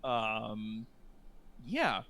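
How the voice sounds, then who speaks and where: A man's voice: fairly low pitch, very animated, very slow, gravelly, pushed and bright, slight background noise. A man running a tabletop game as game master, narrating in rambling sentences full of fillers.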